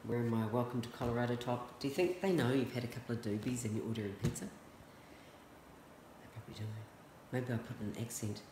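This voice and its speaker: A vlogger talking casually to the camera in a rambling, goofy way while waiting, with quiet mumbled asides. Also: medium pitch, fast talker. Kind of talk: casual self-talk vlog. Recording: roomy echo, faint noise.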